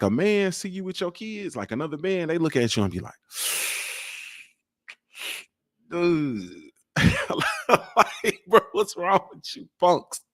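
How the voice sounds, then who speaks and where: A man's voice: mid-range voice, a little mellow, dry recording, studio quality. A man in his forties hosting a casual show from home, joking loosely in streetwise slang. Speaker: podcast host. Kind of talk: casual chat. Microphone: desk mic.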